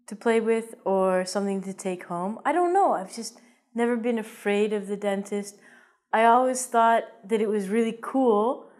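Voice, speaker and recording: A woman's voice: medium pitch, a little mellow. A woman teaching an English vocabulary lesson in a playful, jokey way, with theatrical asides.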